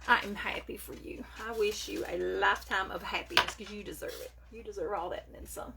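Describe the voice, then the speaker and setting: A woman's voice: mid-range voice, fairly even intonation, a little fast, vocal fry, very noisy. A woman hosting a casual live makeup stream from home, chatting with viewers and greeting them by name. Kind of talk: casual live chat while doing makeup. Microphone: phone or webcam for a live video.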